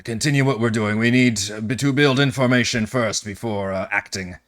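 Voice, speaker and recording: A man voicing a cautious, deliberate male city governor with calm authority in a tabletop game. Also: medium pitch, close to an everyday voice. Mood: measured.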